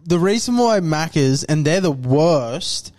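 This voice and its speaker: Laid-back Australian podcast co-host. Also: male voice, on the high side, measured pace. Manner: relaxed, chatty, swears in passing. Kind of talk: casual podcast chat.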